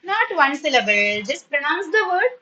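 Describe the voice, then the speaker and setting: Bright-voiced woman teacher. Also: high voice, big pitch swings, normal speed, lo-fi sound, a little hiss or hum. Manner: patient, encouraging, praising often; switches into Tamil when explaining. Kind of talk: online spoken English class.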